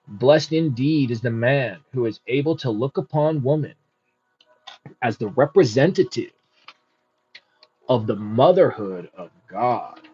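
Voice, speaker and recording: A man's voice: mid-range voice, a little mellow, husky. A man hosting a book study, reading aloud unhurriedly and adding casual comments. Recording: muffled with faint music.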